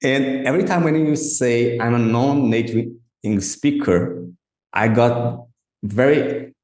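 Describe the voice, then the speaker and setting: A man's voice: medium pitch, a little slow, darkish tone, reverberant. A man hosting a podcast, asking interview questions hesitantly, restarting often and searching for words. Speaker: podcast host.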